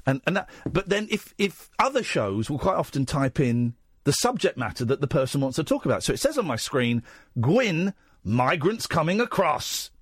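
A man's voice: a little high, sing-song, moderate pace, breathy edge, no room sound, clean studio sound. A man hosting a late-night radio talk show, joking and rambling with many restarts. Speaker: radio host. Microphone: studio microphone.

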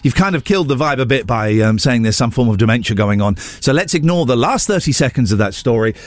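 A man hosting a radio show from the studio, teasing a caller and breaking into loud, excited outbursts. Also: mid-range voice, fast, no room sound. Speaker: radio host. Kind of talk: casual radio banter. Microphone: studio microphone.

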